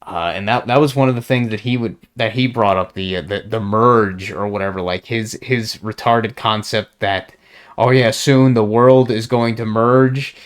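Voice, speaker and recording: A man's voice: on the low side, fairly even intonation, moderate pace, clear, resonant tone. A young man with a profane, meandering way of talking, stopping and restarting often in a casual solo monologue. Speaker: solo podcaster. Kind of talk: rambling monologue.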